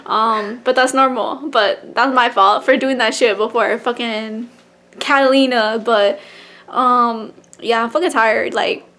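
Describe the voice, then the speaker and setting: A young woman vlogging on a phone, rambling with crude jokes and giggles, at times soft and teary. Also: on the high side, fairly even intonation, a little slow. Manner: soft, teary, half-whispered confiding. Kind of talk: casual vlog chat. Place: hotel room at night.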